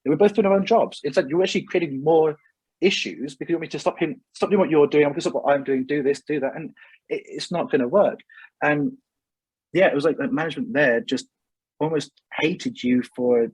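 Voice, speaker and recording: A man's voice: medium pitch, fast talker, darkish tone, slightly rough, no room sound, poor audio. A man telling a story as a podcast guest, casual and blunt, swearing freely and tripping over repeated words.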